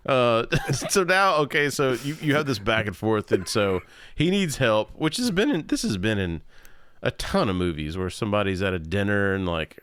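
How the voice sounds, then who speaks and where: A man's voice: fairly low pitch, big pitch swings, moderate pace, fairly bright tone, smooth, dry recording. A man co-hosting a podcast, chatting casually through a movie plot and acting out bits of dialogue. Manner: swearing, laughing, acts out quotes. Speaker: podcast co-host. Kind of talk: casual movie review chat.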